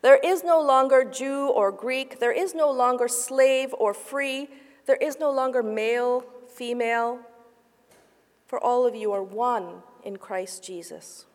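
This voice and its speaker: A woman's voice: fairly high pitch, measured pace. Woman pastor preaching in an echoing church. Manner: storytelling, shifts between lively asides and hushed narration. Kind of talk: sermon. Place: church sanctuary. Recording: long reverb of a church hall.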